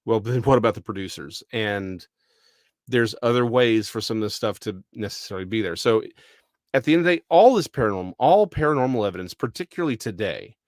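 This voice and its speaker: A man's voice: lowish voice, lively intonation, brisk, no room sound, studio quality. Thoughtful, rambling man from Texas. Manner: thoughtful, rambling, full of restarts. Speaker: podcast co-host. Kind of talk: casual discussion.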